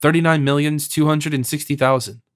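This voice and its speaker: A man's voice: on the high side, fairly even intonation, brisk, natural voice. A man voicing a meek, deferential servant who answers his master briefly and obediently, in a read audiobook. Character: deferential male servant, a lackey.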